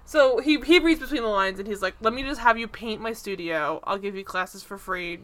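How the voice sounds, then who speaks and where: Speaking fairly quickly in a medium-pitched, slightly bright voice, this podcast co-host chats casually about a TV episode. Her recap wanders, leans heavily on "like," and breaks into laughter whenever she plays out a scene.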